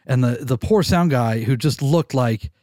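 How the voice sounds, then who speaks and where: A man, a recording engineer as a podcast guest, telling candid stories in a casual, animated way and swearing freely. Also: medium pitch, a little slow, dry recording, clean studio sound. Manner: animated, candid storyteller who swears casually and restarts sentences. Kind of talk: casual storytelling interview.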